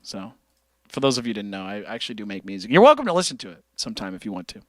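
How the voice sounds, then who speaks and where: A man hosts a casual livestream, talking loosely and cursing freely as he reads donations. His voice is bright and swings widely in pitch. The sound is dry and close. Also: racing, no echo. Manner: loose, profane, animated, reads donations aloud. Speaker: livestream host.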